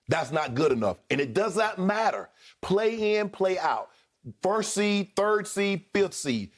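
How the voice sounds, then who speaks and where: A man co-hosting a sports debate show, arguing emphatically and repeating his points. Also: fairly high pitch.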